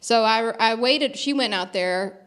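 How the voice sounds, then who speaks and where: A woman's voice: fairly high pitch, a little slow, fairly bright tone, smooth. A woman from the American South in her thirties, a guest author telling stories on stage with a self-deprecating manner, laughing often and restarting her sentences. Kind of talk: storytelling interview on stage.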